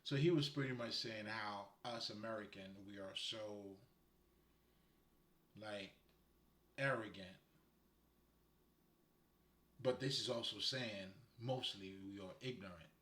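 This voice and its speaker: A Haitian man offers laid-back spiritual guidance, rambling and laughing often. His voice sits on the low side, bright and forceful, and he speaks slowly with long pauses. The room has a roomy echo.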